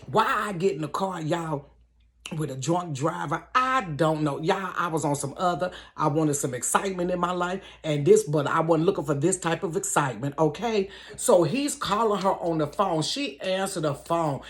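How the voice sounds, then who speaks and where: A middle-aged woman in her bedroom telling a personal story to viewers in a casual, animated, slangy way, often speaking to them directly. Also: on the low side, normal speed. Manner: animated, slangy, keeps addressing listeners directly.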